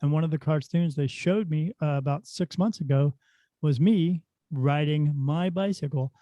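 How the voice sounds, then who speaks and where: A middle-aged man, a spirit medium guest on a podcast, telling stories in a lively, casual way. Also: on the high side, moderate pace, no room sound. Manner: animated storyteller who acts out dialogue. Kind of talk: casual storytelling in a podcast interview. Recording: dull, dry lo-fi sound.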